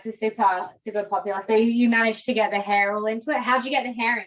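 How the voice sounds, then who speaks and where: A woman's voice: on the high side, quick pace, rough recording. Chatty Australian woman teaching braids. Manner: chatty and animated, demonstrating on a mannequin. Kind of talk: casual hair braiding tutorial on a video call.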